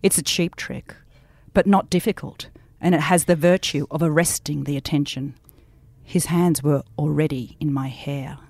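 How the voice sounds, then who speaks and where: A woman reading aloud as a cool, ruthless female thriller heroine, in a hushed, half-whispered voice. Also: low voice, moderate pace, no echo. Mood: sultry.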